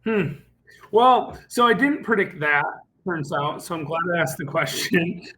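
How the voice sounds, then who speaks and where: A man's voice: on the high side, animated, unhurried, sharp tone. A man co-hosting a podcast, talking in a casual, hesitant way. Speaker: podcast co-host.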